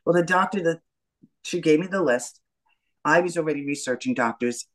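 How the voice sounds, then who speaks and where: Middle-aged New woman, lively interview guest who acts out every exchange. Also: deep voice, moderate pace, poor audio. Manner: animated storyteller, acts out the dialogue. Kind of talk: telling her story in an interview.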